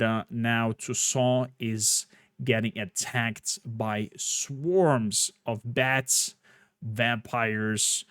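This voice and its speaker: A man with a medium-pitched, somewhat bright voice streams a game, chatting casually and rambling through a recap with frequent fillers. The studio-quality recording is dry, with faint game music behind him.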